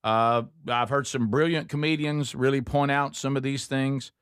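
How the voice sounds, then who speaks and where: A man's voice: medium pitch, steady tone, moderate pace, a bit bright, smooth, dry recording, studio quality. Folksy male talk show host. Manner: folksy, filler-heavy, calls co-hosts by name. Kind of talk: casual morning show banter.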